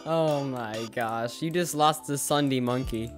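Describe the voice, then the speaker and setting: A young man hosting a casual gaming video, excitable and quick to laugh, yelling frantic calls for help in tense moments. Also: medium pitch, soft background music. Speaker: gaming channel host.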